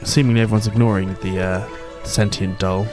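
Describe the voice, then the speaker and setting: Over game music, a man gives chatty, rambling commentary on his own playthrough as a let's play host, frequently correcting himself. He speaks a little fast in a level tone, with a voice on the low side.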